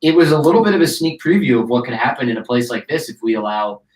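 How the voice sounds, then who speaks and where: A Detroit podcast host appears as a guest on a show, casually telling a story at a quick pace in a mid-range voice. He's animated, acts out the voices of people he quotes, and says "like" a lot, and the recording has a roomy echo.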